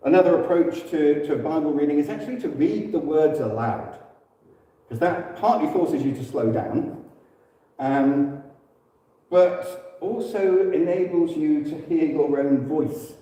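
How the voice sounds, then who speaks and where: English man, relaxed church talk, echoey hall. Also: a little high, measured pace. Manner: relaxed and conversational, with frequent fillers and self-corrections. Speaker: church speaker. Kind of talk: informal church teaching talk. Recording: echoey hall, distant mic.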